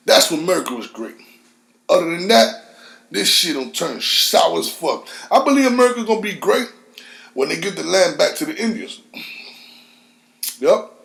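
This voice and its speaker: Gravelly, fired-up man ranting on a podcast. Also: animated, moderate pace, long pauses, echoey room. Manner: profane, impassioned, swings from low mutters to high shouts. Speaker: podcast host. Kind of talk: heated solo podcast rant.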